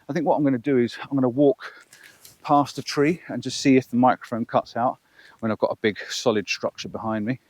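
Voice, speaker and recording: A man talking to the camera through a clip-on wireless mic while he walks a hillside field. His manner is chatty and self-mocking, and he sounds a little out of breath. The sound is dry, with no room echo. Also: mid-range voice. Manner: chatty, self-deprecating, counting aloud. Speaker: vlogger. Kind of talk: outdoor microphone range test vlog. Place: open hillside field with sheep, outdoors. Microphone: wireless lapel mic clipped on, far from camera.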